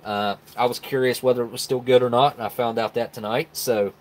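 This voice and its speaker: A man's voice: mid-range voice, steady tone, fairly quick. A man hosting a casual live stream, greeting viewers by name and rambling through announcements.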